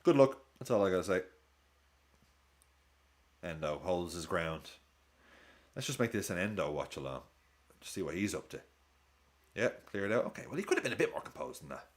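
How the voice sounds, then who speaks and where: A man's voice: fairly quick, pauses often. A man hosting a live football watch-along stream, casually chatting with viewers and reacting to the match. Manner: chatty, reacts to play and reads chat aloud; lively swings in pitch.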